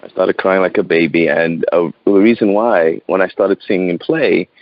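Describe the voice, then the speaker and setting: A man in his thirties, a guest in an interview, telling a personal story outdoors in an earnest, halting way, often repeating words and laughing. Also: low-pitched, steady tone, no room sound, dull audio. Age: 30s.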